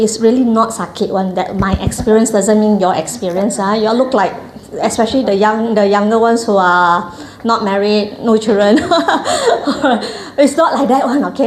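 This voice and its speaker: Woman, Malaysian English accent, middle-aged, animated storyteller, fairly high voice, echoey hall. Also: slight background noise. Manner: animated, acts out quoted voices, frequent "lah". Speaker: breastfeeding coach. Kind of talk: storytelling talk to an audience.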